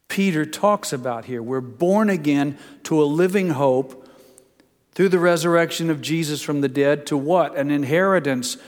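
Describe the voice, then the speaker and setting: Older pastor preaching in a reverberant hall. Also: male voice, on the high side, moderate pace. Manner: storytelling, folksy asides, builds to emphatic peaks. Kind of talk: sermon.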